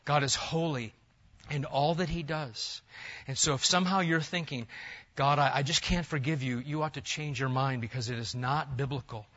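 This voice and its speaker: A man's voice: mid-range voice, moderate pace, fairly bright tone. A man preaching a sermon as pastor, building his points in emphatic rising lists. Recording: dull lo-fi sound.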